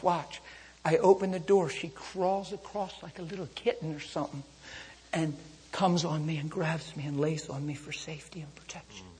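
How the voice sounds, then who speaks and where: Very husky male preacher, reverberant hall. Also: fairly high pitch. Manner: intimate hushes rising to fervent calls. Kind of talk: sermon with storytelling. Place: church service with a congregation.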